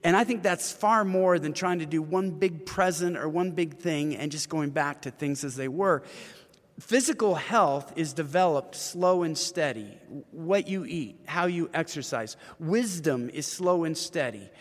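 A man's voice: on the high side, unhurried. Earnest man in his fifties, roomy reverb. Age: 50s. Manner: earnest storyteller, acts out quoted voices. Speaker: author and ministry leader. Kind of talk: interview conversation.

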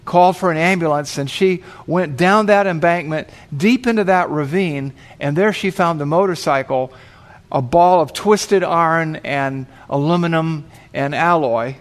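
A man's voice: a little high, a little slow. A man pastor telling a vivid, dramatic story in his sermon.

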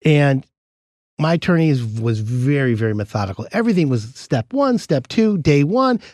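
A man telling a story on a casual podcast, with his pitch swinging up and down as he acts out the people in it. His voice sits slightly high for a man and sounds close and dry, with no room around it. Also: sing-song, normal speed, a little mellow, no echo.

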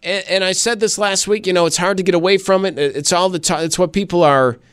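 On a laid-back radio show, a man reads out listener messages, chatting and laughing with wide pitch swings, though his intonation stays fairly even overall. He talks a little fast, and his tone is clean in a dry recording.

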